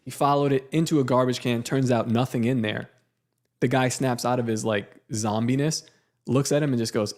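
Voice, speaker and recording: Young guy, casual storyteller, middle pitch, quotes people as he goes. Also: fairly even intonation, fairly quick, a little mellow. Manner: storytelling, acts out quotes, fillers like "like" and "dude". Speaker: podcast co-host. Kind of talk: casual chat.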